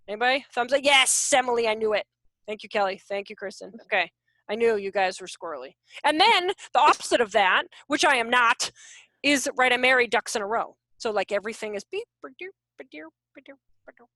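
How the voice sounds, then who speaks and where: A woman in her forties, a behavior consultant, giving an animated, jokey online workshop talk over a video call. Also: a little high, fairly quick, dry recording, studio quality. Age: 40s. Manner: animated, self-deprecating, jokey.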